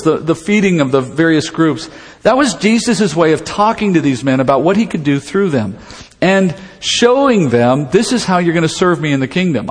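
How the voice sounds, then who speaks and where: A man teaching through a Bible passage in a conversational, animated way, acting out the dialogue with humor. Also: fairly high pitch, long reverb tail.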